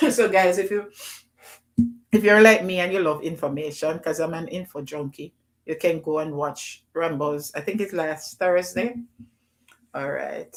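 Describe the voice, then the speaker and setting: A middle-aged woman with a Jamaican accent, hosting a casual livestream and shouting out names from the chat. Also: low voice, a little slow. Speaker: livestream host. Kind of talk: casual live chat with viewers.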